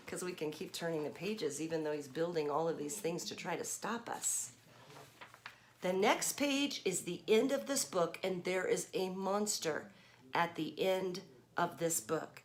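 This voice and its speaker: A woman's voice: fairly low pitch, animated, unhurried. Woman pastor reading to kids. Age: 50s. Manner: talks straight to children, asking questions. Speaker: children's pastor. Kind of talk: reading a picture book to children.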